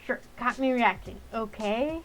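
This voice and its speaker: A woman's voice: fairly high pitch, measured pace, faint music behind, rough recording. A woman playing a story game and chatting through it in a playful way, thinking aloud. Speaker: let's-play gamer. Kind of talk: gameplay commentary.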